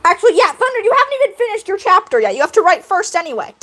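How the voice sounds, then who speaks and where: A young woman livestreaming in casual chat, excitable and laughing, playfully scolding her viewers. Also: very high voice, racing, poor audio.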